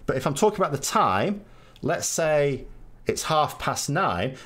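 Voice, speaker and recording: Chatty South Yorkshire man, lively pitch. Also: unhurried. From England. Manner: chatty, rambling, wry asides. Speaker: podcast host. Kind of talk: live stream chat answering viewers.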